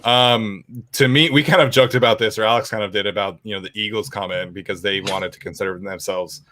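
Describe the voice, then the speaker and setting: A man's voice: fairly low pitch, steady tone, brisk, sharp tone, slight background noise. A young man hosting a casual sports podcast, reading out viewer questions and rambling with lots of fillers. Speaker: podcast host.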